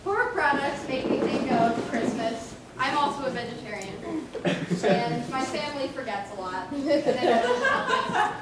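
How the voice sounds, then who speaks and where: A woman's voice: sits high, big pitch swings, measured pace, heavy background noise. A young woman performer telling a chatty, self-mocking comic story on stage. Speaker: improv performer. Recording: echoey room, far mic, audience laughter.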